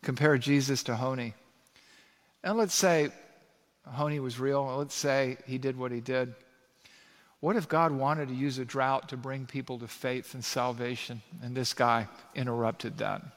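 A pastor preaching an animated sermon, reading scripture aloud and building to emphatic peaks. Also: male voice, mid-range voice, unhurried. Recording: long reverb of a large hall.

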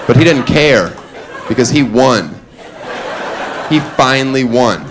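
A man performing a stand-up comedy set on stage, laughing at his own jokes and breaking into loud put-on voices. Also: medium pitch, expressive, slow. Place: comedy club stage before a crowd. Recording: live club recording with crowd noise. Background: audience laughter.

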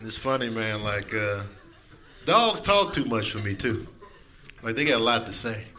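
A male stand-up comedian, animated and acting out pets in silly voices. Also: lowish voice, moderate pace. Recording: noisy live club recording.

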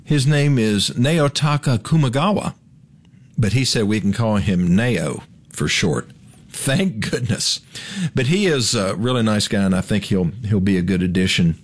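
A man's voice: fairly low pitch, animated, unhurried. A man hosting a radio car advice show, talking in a folksy, wry, chatty way. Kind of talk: casual radio monologue.

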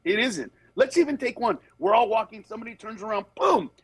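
A man, a comedian, talking in a casual podcast conversation, telling animated stories, slipping into quick character voices, and turning earnest and emphatic on serious points. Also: high voice, slightly rough, dry recording, poor audio. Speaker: stand-up comedian guest.

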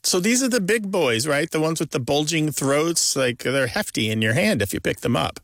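A man's voice: a little high, lively intonation, normal speed, a bit bright, no room sound, clean studio sound. A man co-hosting a radio call-in show about language, explaining things in an eager, detailed way. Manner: explanatory, enthusiastic about word stress. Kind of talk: casual radio chat.

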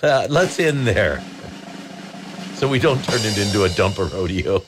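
A man's voice: lowish voice, animated, a little slow, over music. A man hosting a call-in radio show, reading jokes and beer trivia with laughing asides. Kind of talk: casual radio call-in chat.

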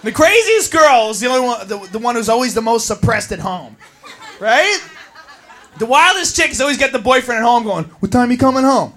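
A woman's voice: fairly high pitch, very animated, fairly quick, a bit bright. A woman doing a stand-up comedy routine on a club stage, brash and profane, acting out characters. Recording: live show with crowd noise.

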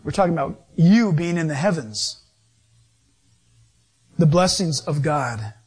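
A man preaching a sermon in a lively, animated way, acting out voices as he goes. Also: a little high, measured pace, breathy edge. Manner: animated, acts out voices and quotes.

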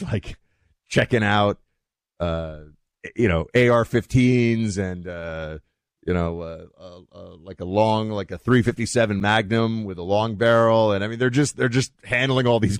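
A man's voice: lowish voice, measured pace, smooth, no echo, clean studio sound. A man hosting a talk show, chatting in a rambling, casual way with many restarts and fillers.

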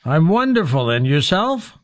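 A man's voice: on the high side, very animated, a little slow, dry recording, clean studio sound. Guy hosting a radio guessing game, teasing questions, bouncy voice. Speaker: radio talk show host. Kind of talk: playful guessing-game interview.

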